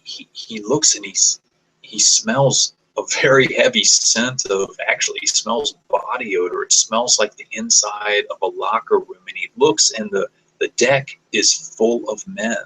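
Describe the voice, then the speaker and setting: A man improvising a story aloud, describing scenes as he goes, often pausing and restarting mid-sentence. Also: fairly low pitch, pushed and bright, slightly rough, rough recording. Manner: halting, searching for words, many restarts.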